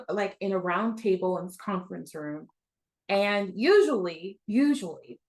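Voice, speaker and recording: Woman coach, storytelling masterclass, animated, laughs often, acts out quotes. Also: medium pitch. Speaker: business coach.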